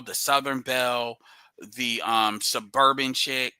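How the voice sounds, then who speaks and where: A man's voice: medium pitch, normal speed, sharp tone, dry recording, poor audio. A man hosting a casual stream chat, explaining his ideas in loose, rambling sentences full of restarts.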